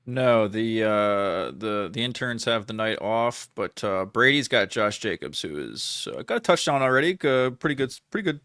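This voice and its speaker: A man co-hosting a talk show, speaking in an easygoing, halting way. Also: lowish voice, lively intonation, fairly bright tone, smooth, no echo, clean studio sound. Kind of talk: casual call-in chat.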